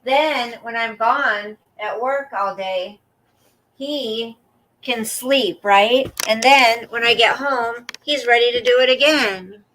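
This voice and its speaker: A woman's voice: fairly high pitch, takes it slowly, fairly bright tone, slight background noise, low-quality recording. A woman hosting a casual livestream, chatting with viewers about her day and cooing at her dog in baby talk. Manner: reads and answers viewer comments aloud. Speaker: livestream host.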